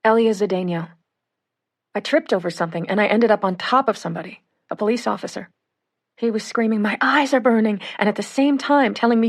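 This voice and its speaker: A woman reading first-person witness accounts for an audiobook in a measured way. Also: medium pitch. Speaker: audiobook reader.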